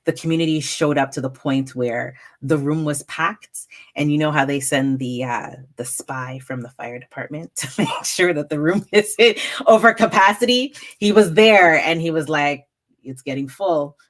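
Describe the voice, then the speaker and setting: Low-voiced woman telling lively stories. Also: moderate pace. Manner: animated, acts out quoted moments with raised pitch. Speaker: storyteller guest. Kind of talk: casual interview chat.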